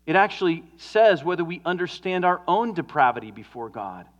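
A male pastor delivering a sermon, earnest and deliberate. His voice sits slightly high and often drops to a near hush at the ends of points. The recording is a little dull and muffled. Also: sing-song. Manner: earnest, swings from emphatic to hushed.

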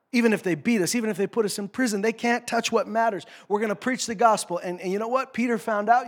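This man from North America delivers a fiery sermon as a pastor. Quoted complaints come out in a low, mocking tone, while the rest swings between quiet asides and shouted commands.

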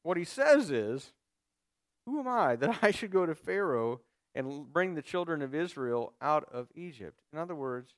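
A man's voice: fairly high pitch, sing-song, normal speed, dry recording. A male pastor preaching a sermon, reading scripture aloud and explaining it to his listeners, calling for their responses.

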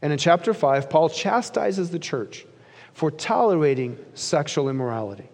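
A male pastor delivers an earnest sermon in a slightly high, gravelly voice. He pushes up for emphasis and drops low at the ends of phrases. His voice carries with a long reverb through a large church sanctuary. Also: very animated, normal speed, darkish tone.

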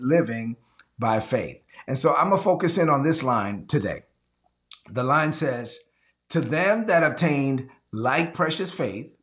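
A man preaching and teaching an online sermon, often repeating phrases and urging listeners to say lines aloud or type them in the chat. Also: medium pitch. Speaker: pastor.

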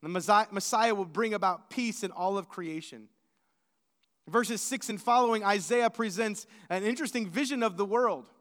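A man's voice: high voice, normal speed. A man preaching a sermon as pastor, telling stories animatedly and acting out quoted voices. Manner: storytelling, animated with acted-out quotes. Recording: long hall reverb.

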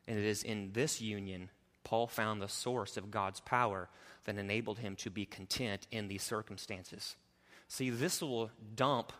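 A man preaching a sermon as a pastor, building emphasis and dropping into quick, casual asides. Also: fairly low pitch, fairly bright tone. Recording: long reverb of a large hall.

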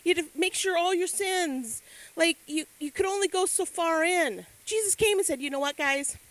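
A middle-aged woman giving a sermon, telling stories with lively acted-out quotes. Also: very high voice, normal speed, no echo, low-quality recording. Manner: animated storytelling with acted quotes. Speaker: speaker.

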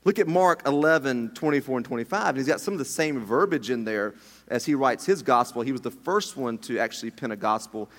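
A middle-aged man preaching a sermon as pastor, animated and jokey, with many restarts. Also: medium pitch, fairly quick. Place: church hall. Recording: long hall reverb.

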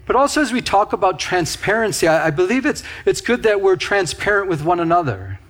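A male pastor gives a conversational sermon in a high-pitched voice at a fairly quick pace. Animated, he addresses his congregation directly and makes frequent asides to them.

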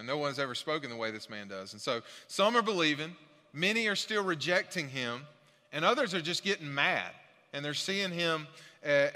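A man's voice: a little high, bright, forceful tone, big-room sound. A male pastor preaching a sermon in a church, earnest and emphatic, repeating his key points. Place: church sanctuary.

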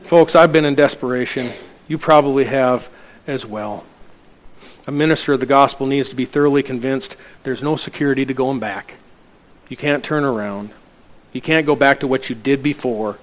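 A man's voice: mid-range voice, normal speed. A middle-aged man, a pastor telling a personal story from the pulpit in a sermon and acting out the dialogue.

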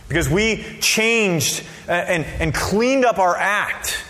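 Give me a lively male pastor with a slightly high voice, preaching in a hall with long reverb. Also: measured pace, hardly any pauses. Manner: animated, conversational preaching with sudden loud outbursts. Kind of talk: sermon.

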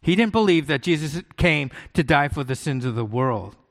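A man's voice: fairly high pitch, expressive, moderate pace, fairly bright tone. Guy preaching a sermon, chatty, keeps going "right?", big echoey hall. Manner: conversational, keeps asking "right?" and rhetorical questions. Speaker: pastor. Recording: long hall echo.

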